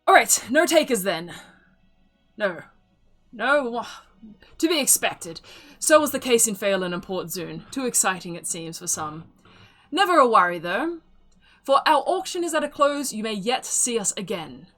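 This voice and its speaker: A woman's voice: fairly high pitch, very animated, moderate pace, a bit bright, soft background music. Woman doing a showy traveling auctioneer. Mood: grand. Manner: theatrical, showman-like announcing. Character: theatrical female traveling auctioneer, showy and grand.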